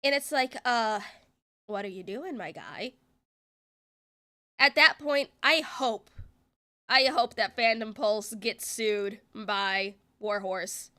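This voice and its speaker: A woman's voice: medium pitch, slow, pauses often, pushed and bright. A woman streamer giving exasperated, sarcastic reaction commentary and swearing freely.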